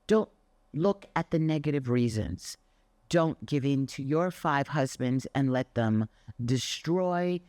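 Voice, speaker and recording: A woman's voice: rumbling low, slow, no echo. Older woman, Pilates instructor, motivational talk, emphatic, dry close sound. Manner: emphatic and expressive, acts out anecdotes. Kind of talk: motivational monologue.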